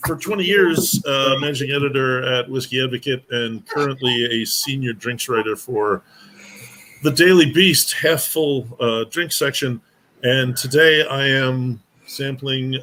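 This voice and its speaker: Slow-talking wry man writer. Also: medium pitch, bright, forceful tone, slight background noise, low-quality recording. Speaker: co-host and whisky writer. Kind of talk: casual live-stream chat.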